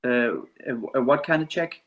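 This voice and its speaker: A man's voice: medium pitch, normal speed. A man playing in a tabletop game, speaking hesitantly with many fillers. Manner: hesitant, lots of fillers and restarts. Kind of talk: casual game chat.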